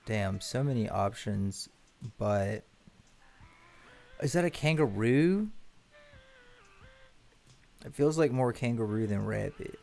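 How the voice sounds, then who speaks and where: A man's voice: lowish voice, lively intonation, slow, vocal fry, pauses often, warm tone. A man streaming a video game, chatting casually, rambling, correcting himself and swearing now and then. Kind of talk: casual gameplay commentary.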